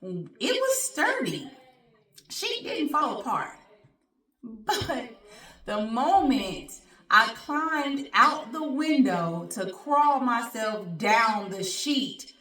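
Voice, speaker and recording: A woman hosting her own show, telling a personal story in an animated, colloquial way and speaking straight to her audience. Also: mid-range voice. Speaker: show host. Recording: roomy sound, distant from mic.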